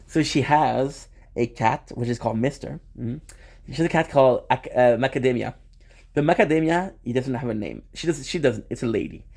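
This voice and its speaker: A young man talks casually to his viewers in a relaxed streaming chat. He rambles with a playful tone, often restarting his sentences. His voice sits in an ordinary middle pitch.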